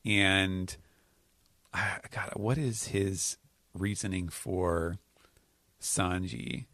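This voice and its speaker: A man chats on a podcast in a fairly low voice, pausing often and restarting his sentences as he explains. The sound is dry and close, with no room around it. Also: fairly even intonation, sharp tone, no echo. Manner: hesitant, many fillers and restarts while explaining. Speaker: podcast host. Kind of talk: casual chat recapping comics.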